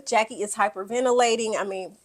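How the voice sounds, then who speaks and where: A woman with a voice on the high side recaps a reality show at a moderate pace, casual and foul-mouthed. Animated and blunt, she acts out what everyone said.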